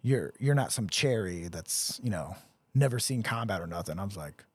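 Husky man telling army stories. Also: on the low side, normal speed, dry recording. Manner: profane, animated storyteller acting out quotes. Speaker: podcast co-host. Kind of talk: casual storytelling chat.

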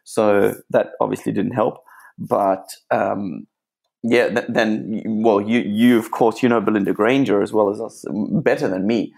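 Gravelly low-voiced man, rambling. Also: fairly even intonation, measured pace, a little mellow. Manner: laughing, rambling, many restarts. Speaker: guest athlete. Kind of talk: casual interview chat.

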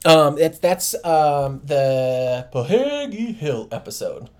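A man's voice: a little high, animated, takes it slowly. A man co-hosting a podcast in casual chat, rambling with fillers and restarts. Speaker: podcast co-host.

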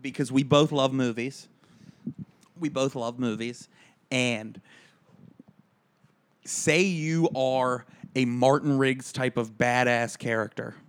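A man's voice: medium pitch, slow pace, long pauses, clear, resonant tone. A man co-hosting a casual comedy podcast, telling a rambling, self-deprecating story. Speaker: podcast co-host.

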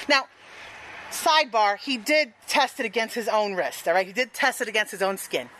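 High, bright-voiced woman telling a frank story. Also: animated, moderate pace, a little hiss or hum, rough recording. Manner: frank, profane and laughing. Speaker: storyteller and show host. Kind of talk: live stage storytelling.

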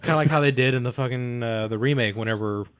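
A man's voice: mid-range voice, fast, clear, resonant tone, no room sound. Laid-back guy chatting movies, says like a lot, dry mic. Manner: casual, swearing, hesitant fillers. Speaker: podcast co-host. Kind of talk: casual movie chat.

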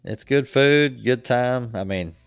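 A man's voice: mid-range voice, takes it slowly, vocal fry, clean tone, dry recording, studio quality. A man co-hosting a casual chat, telling stories in a laid-back way and laughing often.

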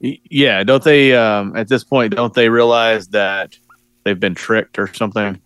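A man's voice: lowish voice, steady tone, a little slow, a bit bright, clean tone, no room sound. A man listening along and asking short questions in a casual chat. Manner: brief backchannels and questions. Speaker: podcast co-host.

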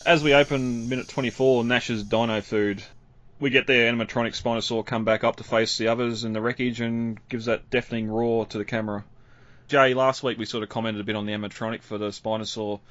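A man's voice: medium pitch, fairly even intonation, fairly quick, a bit bright, no room sound. A man hosting a podcast in casual chat, laughing often. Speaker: podcast host. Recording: dry, slightly dull audio.

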